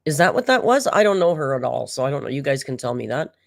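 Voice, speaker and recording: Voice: medium pitch, big pitch swings, fast, vocal fry, dry recording, clean studio sound. A speaker giving casual reaction commentary on an old clip, sarcastic and exasperated. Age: older than the clip's audience.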